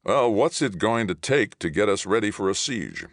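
A man reading the part of a weary, gruff older leader, speaking in a resigned way. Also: lowish voice, lively intonation, normal speed, no echo, clean studio sound, voice pushed up.

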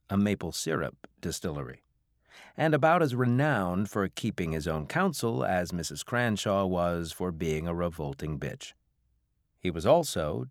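A man reading a novel aloud as an audiobook narrator, in a measured, even way. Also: sits low, dry recording, studio quality. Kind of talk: scripted narration.

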